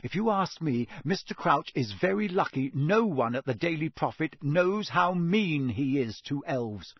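A man's voice: fairly high pitch, expressive, a little slow, husky, dry recording, studio quality. A man voicing a passionate, indignant teenage girl who argues about fairness.

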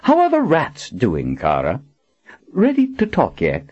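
A man's voice: medium pitch, huge pitch swings, a little slow, darkish tone, husky, lo-fi sound, pitched above the performer's own voice, exaggerated voice. A man voicing a cruel, smug male villain with a cold, taunting manner, in a storybook reading. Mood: menacing.

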